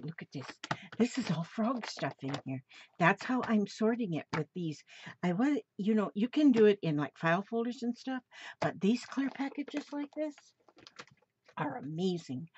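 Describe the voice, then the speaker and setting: A woman's voice: medium pitch, a little mellow, a little hiss or hum. An older woman opening mail on her crafting vlog, gushing and gasping with delight over each item in a casual chat. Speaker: crafting vlogger. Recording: dull lo-fi home recording.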